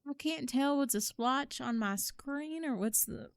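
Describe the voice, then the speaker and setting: A woman's voice: high-pitched, unhurried, gravelly, smooth, no echo. A young woman chatting casually and rambling while she plays and comments on a horror game. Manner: chatty, rambling, self-deprecating. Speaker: streamer.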